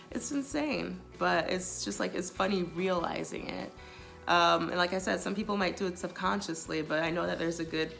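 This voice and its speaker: A woman's voice: on the low side, vocal fry, fairly bright tone. A woman vlogger giving casual relationship advice to the camera, chatty and full of filler "likes". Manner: chatty, many filler likes, quotes others in passing.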